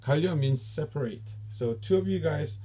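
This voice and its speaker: A man's voice: a little high, lively intonation, mellow, husky. Korean-accented man teaching dojang terms. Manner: explains patiently, repeats each term slowly. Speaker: taekwondo instructor.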